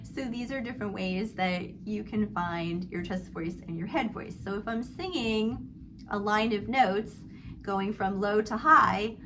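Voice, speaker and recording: A woman's voice: mid-range voice, a little slow, background noise. A middle-aged woman vocal coach teaching a singing lesson, explaining technique between sung vowel exercises. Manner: demonstrates vowel slides and sighs, then explains calmly.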